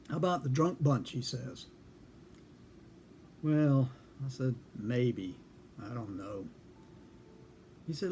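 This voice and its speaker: A man's voice: medium pitch, expressive, measured pace, long pauses, darkish tone, slight background noise. A man telling a casual story in a folksy, dry way, acting out both sides of a conversation. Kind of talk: casual spoken anecdote.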